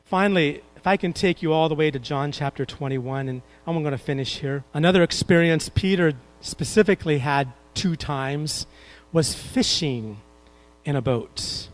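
Man, preacher, sermon, fairly high voice, call-and-response with congregation, humorous asides. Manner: asks the congregation to repeat verses aloud; quotes King James scripture with slow emphasis.

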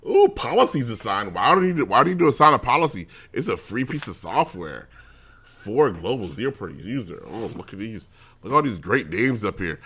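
Bright-voiced ranting man. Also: lowish voice, slightly rough. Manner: ranting, exasperated storytelling with lots of restarts. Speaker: podcast co-host. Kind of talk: casual podcast chat.

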